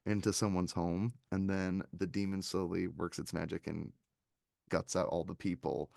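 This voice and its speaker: A low, gravelly man talking through a film in casual podcast chat. He gets animated and slips into small impressions of the characters. The sound is dry and close. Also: normal speed, no room sound. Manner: animated, quoting scenes in little put-on voices. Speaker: podcast co-host reviewing films.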